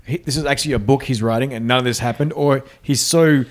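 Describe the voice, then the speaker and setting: A man who talks fast and jumps in with playful asides while discussing a movie with friends. His pitch is middling and his delivery is loose and conversational. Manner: quick jokey interjections. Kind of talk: casual film review chat.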